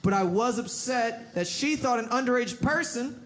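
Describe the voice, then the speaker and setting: A young man doing stand-up comedy, telling an exasperated story with animated shouted bits, into a handheld mic on a club stage. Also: extremely high pitch, moderate pace. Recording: loud audience laughter and noise.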